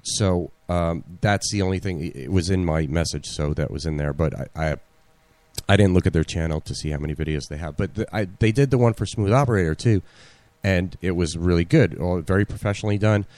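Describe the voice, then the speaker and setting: A man's voice: deep voice, a little fast, a little mellow, dry recording. A man hosting a casual podcast chat, rambling with many fillers and restarts. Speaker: podcast host.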